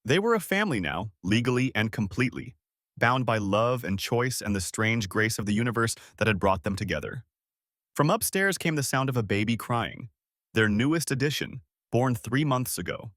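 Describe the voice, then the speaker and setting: Male storyteller, smooth scripted narration; animated pitch, dry. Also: moderate pace, no echo.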